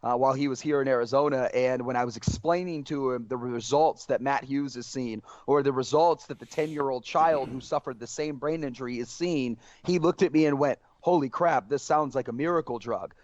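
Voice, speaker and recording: A man's voice: mid-range voice, a little fast, few pauses, a little mellow, no echo. A man, a guest on a podcast, telling earnest stories and acting out quoted dialogue as he goes. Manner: earnest storytelling, acts out quoted dialogue, keeps saying "guys". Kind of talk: casual podcast conversation. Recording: dry, dull lo-fi podcast audio.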